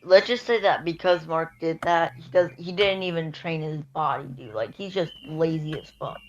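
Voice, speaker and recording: A woman chiming in casually on a fan story, halting with "um" and swearing now and then. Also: sits low. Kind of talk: casual fan-fiction chat. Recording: echoey lo-fi mic with faint hiss.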